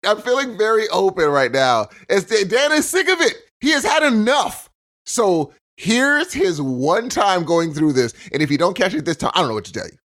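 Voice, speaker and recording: Co-hosting a podcast at a normal pace, a man with a high voice keeps the chat casual, ribbing his partner and laughing through lively stories.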